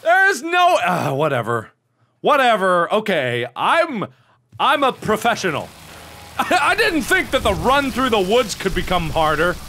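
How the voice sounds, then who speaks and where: Excitable young man yelling over a horror game. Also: high voice, a little slow, background noise. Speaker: gaming video host.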